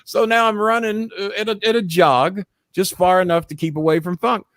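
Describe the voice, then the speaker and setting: A middle-aged man telling a story in casual chat, profane and animated. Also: high-pitched, moderate pace, dry recording, clean studio sound. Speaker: storyteller and show host.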